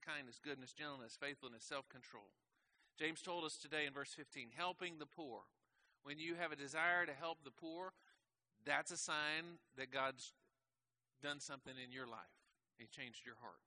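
Male pastor, bright and forceful tone, slightly high, casual sermon delivery with rhetorical questions. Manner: conversational preaching with rhetorical questions. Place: church.

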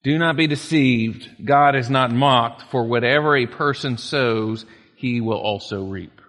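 A man's voice: medium pitch, a little slow, fairly bright tone, big-room sound. A man preaching a sermon in a conversational way, reading scripture aloud and adding folksy asides. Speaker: pastor.

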